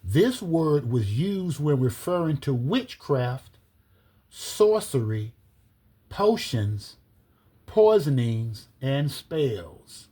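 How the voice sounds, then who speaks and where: A man giving a slow, deliberate scripture-based teaching, reading verses aloud and spelling out words letter by letter. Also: medium pitch, sing-song, dark tone, breathy edge. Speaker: religious teacher.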